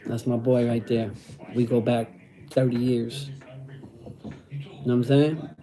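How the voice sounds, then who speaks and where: A man's voice: medium pitch, little pitch movement, measured pace, dark tone. A middle-aged man chatting casually on a livestream, using street slang and repeating phrases. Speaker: host reading live chat.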